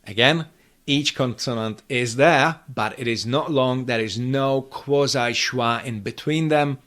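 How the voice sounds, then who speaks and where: A man who speaks as his gives a pronunciation lesson at an unhurried pace. He breaks sounds into pieces and repeats them slowly, with a mid-range pitch and a dry, understated sense of humor. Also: a bit bright. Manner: demonstrates sounds by slow repetition, dry humor. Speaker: Czech language teacher.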